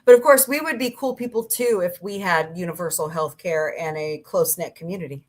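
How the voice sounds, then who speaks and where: A woman's voice: fairly low pitch, a little fast. A middle-aged woman hosting a livestream, chatting casually with viewers and telling rambling stories with mild swearing. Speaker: livestream host. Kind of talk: casual chat reading viewer comments.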